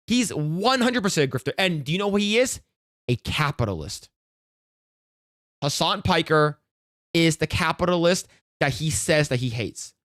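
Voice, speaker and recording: A man's voice: a little high, animated, moderate pace, long pauses, a bit bright, dry recording, clean studio sound. A man streaming casual reaction commentary, ranting bluntly and profanely with frequent restarts.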